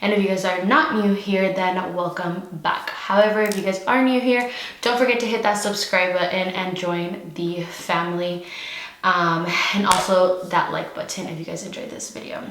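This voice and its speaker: Young woman vlogger from California, slightly low voice, breathless and slangy, echoey room with faint hiss. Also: fairly even intonation, normal speed, fairly bright tone. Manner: chatty, slangy, eating while talking. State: out of breath, pregnant. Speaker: YouTube host. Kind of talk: casual mukbang chat.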